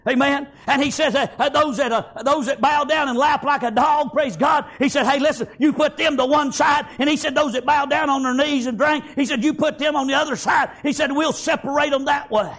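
High-pitched fervent preacher man. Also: fairly even intonation, fairly quick, few pauses. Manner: fervent, peppered with "praise God" and "amen", often shouting. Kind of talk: sermon.

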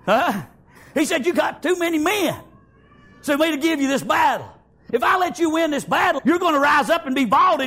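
A preacher, male, gives a fervent, animated sermon at a moderate pace in a very high-pitched voice, regularly erupting into shouts and peppering his speech with "praise God" and "amen."

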